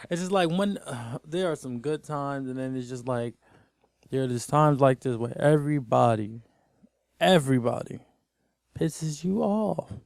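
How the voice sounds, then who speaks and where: A man's voice: medium pitch, measured pace, gravelly, a little mellow, no room sound, studio quality. A man giving a casual, rambling TV episode recap as host, sounding exasperated throughout.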